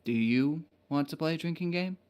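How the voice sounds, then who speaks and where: Quiet somber male dwarf, halting speech, voiced by a man. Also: a little high, clean tone, lo-fi sound, close to an everyday voice. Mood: hesitant. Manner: hesitant, stammering.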